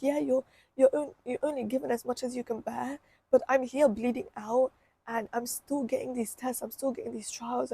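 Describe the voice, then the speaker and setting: Young woman venting on her vlog, kinda husky and creaky, emotional, talks in circles. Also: high-pitched, warm tone, no echo. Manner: emotional, candid, repeats herself. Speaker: vlogger. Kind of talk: personal storytime vlog.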